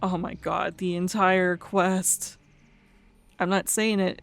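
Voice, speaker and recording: A woman's voice: on the low side, little pitch movement, takes it slowly, creaky, no room sound. A woman casually commenting on a game, reading quest text aloud, laughing and stumbling over fantasy names. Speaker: let's play host.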